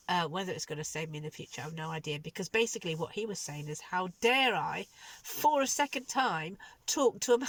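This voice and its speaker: A woman recounts her working day in a casual video diary. She tells it with lively exasperation and laughs at herself now and then, and her voice sits at an ordinary middle pitch for a woman. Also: dry recording. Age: 60s. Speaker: vlogger.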